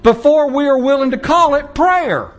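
A high-voiced man preaches a sermon in a conversational way. He acts out other people's prayers and mocking voices as he goes. The recording sounds dull and lo-fi. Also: moderate pace. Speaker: pastor.

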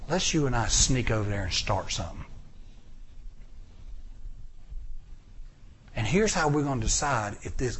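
A man's voice: on the high side, slight background noise, voice pushed down. A man with a Southern US accent voicing a young warrior who whispers a daring plan to his companion in a sermon story. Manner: hushed, conspiratorial.

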